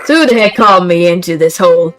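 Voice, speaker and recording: A woman's voice: lowish voice, expressive, faint music behind, close to an everyday voice. Woman doing a brash Brooklyn-style thug. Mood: gruff. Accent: Brooklyn put-on. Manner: brash, bullying, fast. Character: gruff loud male thug with fake Brooklyn twang.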